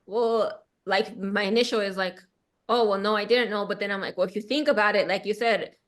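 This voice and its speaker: A woman's voice: medium pitch, fairly even intonation, brisk. A woman of Mexican heritage in casual chat, telling stories with lots of "um" and "like" and slipping in Spanish words. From Mexican-American. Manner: storytelling with many fillers, bilingual asides.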